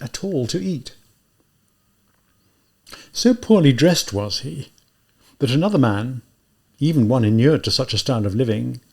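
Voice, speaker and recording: A man reading a classic novel aloud as an audiobook, in measured, deliberate narration. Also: mid-range voice, darkish tone, slightly rough. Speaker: audiobook reader. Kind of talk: scripted narration.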